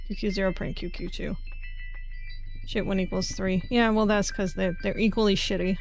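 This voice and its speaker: With faint music behind her, a woman streamer speaks at a moderate pace in a medium-pitched voice with fairly even intonation. She mutters and thinks aloud through a puzzle game in casual live commentary, swearing whenever frustration hits.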